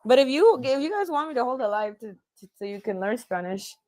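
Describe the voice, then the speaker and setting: A woman's voice: a little high, animated, brisk, a little mellow. A woman guest in a casual chat, telling a story in a chatty, giggly way.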